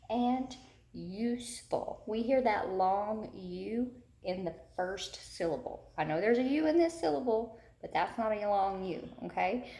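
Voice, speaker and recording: A woman's voice: medium pitch, creaky. A woman teacher giving a recorded lesson to young children, patient and guiding them step by step. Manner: slow, patient, talks learners through each step. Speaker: third grade teacher. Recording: echoey room.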